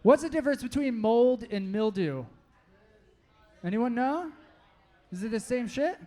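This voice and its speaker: A man's voice: very high voice, animated, unhurried. A man hosting a live podcast show on a venue stage, firing off joking questions and laughing often. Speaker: podcast host. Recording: live show with loud crowd.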